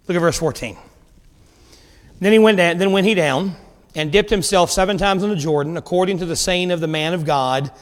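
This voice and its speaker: A male preacher giving a sermon, retelling a scripture story in a casual, animated way with dramatic pauses. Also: high-pitched, in a large hall.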